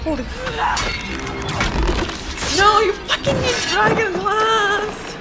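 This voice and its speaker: A woman's voice: extremely high pitch, slow pace, over music. A young woman hosting a reaction video, exclaiming and swearing emotionally at what she watches, recorded on a podcast mic at home. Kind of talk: reaction commentary. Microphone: studio podcast mic.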